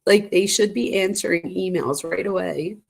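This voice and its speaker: A woman with a somewhat low voice hosts a true crime channel. She talks casually and often turns to her viewers with quick side comments while reading text messages aloud. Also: creaky. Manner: chatty, addresses viewers as "you guys" with frequent asides.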